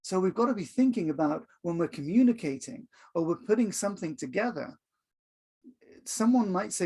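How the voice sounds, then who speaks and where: Gravelly-voiced man teaching a video lesson. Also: sits high, expressive, normal speed, darkish tone. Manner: conversational, with many fillers and acted-out examples. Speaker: HR communication coach. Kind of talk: online course video lesson.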